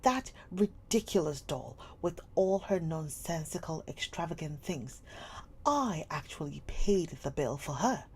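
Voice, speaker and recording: A woman's voice: low-pitched, expressive, measured pace, breathy edge, exaggerated voice. A woman doing a cold, stern schoolmistress. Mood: scornful. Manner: stern, sharp, scolding. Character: cold domineering schoolmistress, middle-aged woman.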